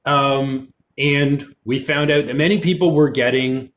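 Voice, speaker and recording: A man, a college instructor, giving a relaxed online programming lecture, explaining as he goes with fillers, with keyboard typing in the background. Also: mid-range voice, a little slow. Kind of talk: recorded online lecture with screen demo.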